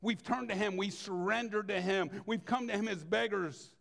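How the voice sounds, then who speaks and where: Male pastor, sermon. High, gravelly voice, earnest, drops to a hush then presses hard. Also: normal speed.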